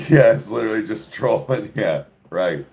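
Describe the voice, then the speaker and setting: A man's voice: on the low side, lively intonation, moderate pace, creaky, a little mellow, faint music behind. A man hosting a casual podcast chat, rambling in a crude, joking way and laughing often. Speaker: podcast host. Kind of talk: casual chat answering viewers.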